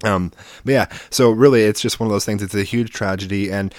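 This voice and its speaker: Low-voiced swearing podcast storyteller man. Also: a little fast, no echo, studio quality. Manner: animated storyteller, swears freely, acts out quoted voices. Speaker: podcast co-host. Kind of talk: casual podcast chat.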